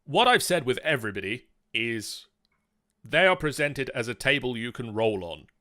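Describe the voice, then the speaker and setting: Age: adult. Sex: man. Role: game master. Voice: bright, mid pitch. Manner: patient, methodical explanations for a new player. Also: animated, normal speed. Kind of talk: explaining rules and reading chat on a live tabletop stream.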